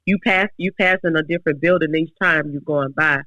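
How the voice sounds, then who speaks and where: A woman's voice: deep voice, a little fast, pushed and bright, no room sound, rough recording. A woman in her forties, a podcast guest, telling her faith story earnestly with many restarts. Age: 40s. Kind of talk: casual faith talk.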